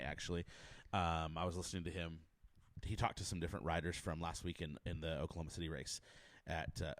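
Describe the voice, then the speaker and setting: A man's voice: sits low, no room sound. A man hosting a podcast, chatty and eager, asking long rambling questions in casual interview talk. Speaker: podcast host.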